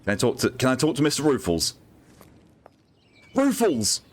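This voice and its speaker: A man talks casually over a game he is streaming. He cracks corny jokes in a chatty, playful way, his voice moving lively in pitch. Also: racing. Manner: jokey, chatty, laughs at his own puns. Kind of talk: casual gameplay commentary.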